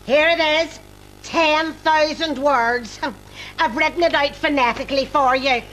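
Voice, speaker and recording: A sharp-tongued Belfast mother in a TV sitcom. She speaks slowly in a high voice, with a dry, sarcastic edge. Studio noise is clearly audible behind her. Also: rough recording. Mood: sardonic. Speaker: sitcom character. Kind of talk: sitcom acting.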